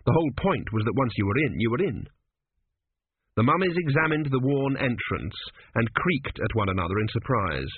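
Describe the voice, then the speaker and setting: A man's voice: medium pitch, big pitch swings, normal speed, slight background noise. A man narrating an audiobook in a dry, wry storytelling manner, on a tinny, phone-like recording.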